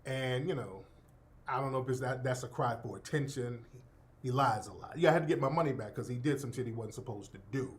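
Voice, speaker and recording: A middle-aged man hosting his own radio show, telling a profane, animated story in a casual monologue and breaking into laughter. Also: medium pitch, fast talker.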